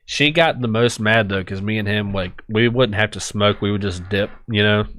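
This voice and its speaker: A man's voice: lowish voice, moderate pace, a bit bright. A man co-hosting a podcast, telling crude stories in casual chat with heavy swearing. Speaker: podcast co-host.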